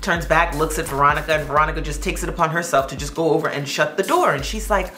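A woman's voice: low-pitched, quick pace, hardly any pauses, bright, forceful tone, echoey room, faint music behind. A woman telling a story in a casual, chatty way, with joking asides to her listeners.

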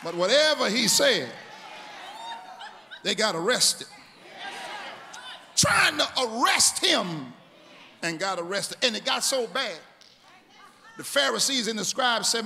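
A male pastor preaching a sermon in a large church. He shouts and rises into a sung cadence. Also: high voice, very animated, slow pace, vocal fry, pauses often. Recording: reverberant church hall, organ and crowd.

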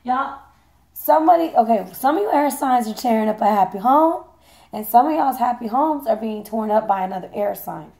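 A hoarse woman giving a chatty, playful tarot reading, swearing casually as she talks. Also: on the high side, expressive, moderate pace, mellow. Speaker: tarot reader.

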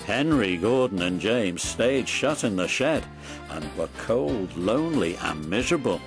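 A man narrating a children's story in a slow, animated reading. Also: fairly low pitch. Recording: dry close recording with soft music.

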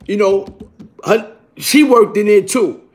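A man telling a rough, profane story in a casual, animated way, punctuated by "you heard?". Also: high voice, takes it slowly. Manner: animated, repeats "you heard?", bursts into shouting.

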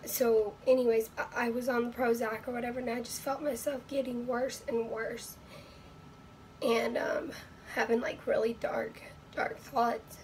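A woman vlogs from her bedroom in a hoarse, nearly gone voice that sits a little high. She rambles with lots of fillers and keeps slipping into breathy whispers. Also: level tone, unhurried, a little mellow, slight background noise, low-quality recording. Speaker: vlogger. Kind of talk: casual talk to camera.

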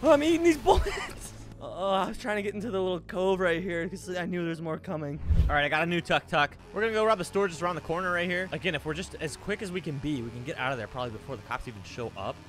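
A young man giving casual gameplay commentary as a streamer. He talks to himself, gets excited fast and yells out in bursts. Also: sits high. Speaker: gaming streamer. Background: background music.

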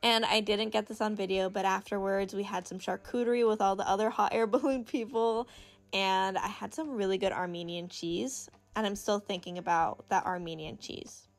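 A woman's voice: medium pitch, steady tone, normal speed, creaky. A young woman chatting casually in a crafting vlog, bubbly and gushing, sometimes counting stitches under her breath. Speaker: crafting vlogger.

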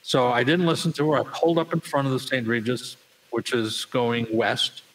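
A man's voice: moderate pace, poor audio. An older man, telling a story as a guest in an interview, acting out the people in it. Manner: animated storyteller, acts out voices with big pitch jumps. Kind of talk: storytelling anecdote.

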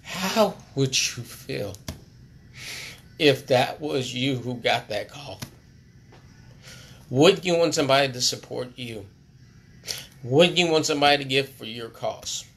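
A man who sells cars, speaking unscripted on a charity livestream, earnest and repetitive, sometimes dropping to a hush. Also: mid-range voice, unhurried, pauses often. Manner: earnest, repetitive, preachy, drops to hushed tones. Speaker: car salesman on a charity livestream. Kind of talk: impromptu motivational appeal.

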